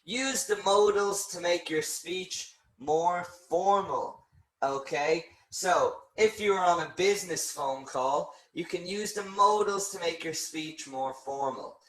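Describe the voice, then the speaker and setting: Slow, clear-spoken male English teacher. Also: high-pitched, fairly bright tone, reverberant, poor audio. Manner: slow, clear explaining with frequent "okay". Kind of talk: online English lesson webinar.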